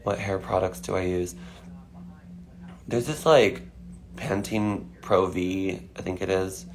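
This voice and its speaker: A man with a deep voice chats casually on a phone livestream, answering fan questions at a slow, steady pace. He's chatty and leans on fillers, saying "like" often, and a little hiss or hum can be heard.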